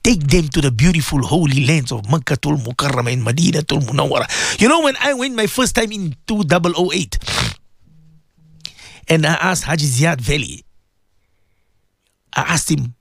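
A man's voice: on the high side, creaky, husky, no echo, clean studio sound. A man presenting a religious radio show, speaking fervently and pleading, often repeating himself. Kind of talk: emotional religious radio talk.

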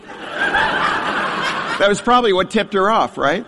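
A man's voice: high-pitched, expressive, unhurried, pauses often, in a large hall, very noisy. Man telling his story with dry humor. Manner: wry self-deprecating humor. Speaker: speaker sharing his testimony. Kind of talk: humorous personal storytelling sermon.

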